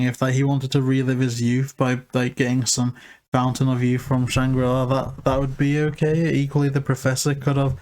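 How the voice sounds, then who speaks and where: Casual male co-host, loose and rambling, mid pitch. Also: level tone, moderate pace, a little mellow. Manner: rambling, heavy use of filler "like". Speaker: podcast co-host reviewing a film. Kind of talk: casual chat.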